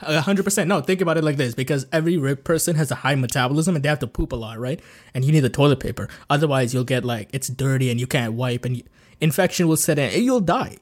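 A man's voice: medium pitch, quick pace. A man co-hosting a podcast, chatting casually and laughing often as he spins mock arguments. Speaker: podcast co-host. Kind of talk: casual joking chat.

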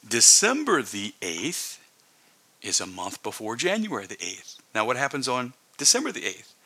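A male pastor preaching earnestly in a conversational way, dropping into hushed whispers for emphasis. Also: medium pitch, huge pitch swings, moderate pace, slightly rough. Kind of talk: sermon.

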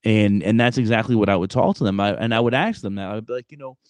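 A young man hosting a podcast, talking bluntly and casually with lots of fillers and quick asides. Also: on the low side, dry recording. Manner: blunt, talks fast with many fillers and acted quotes. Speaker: podcast host, former Marine recruiter. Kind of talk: casual interview chat.

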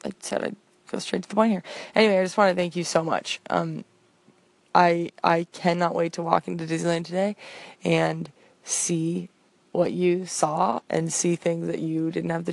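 A woman's voice: on the low side, creaky, no room sound. A young woman hosting a show, rambling through a comic voicemail in a chatty, self-deprecating way. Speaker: podcast host.

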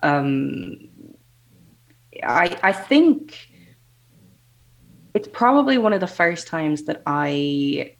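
Woman in her thirties, low and gravelly, halting podcast chatter. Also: lively intonation, rough recording. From Ireland. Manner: hesitant, halting, restarts sentences. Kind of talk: casual chat.

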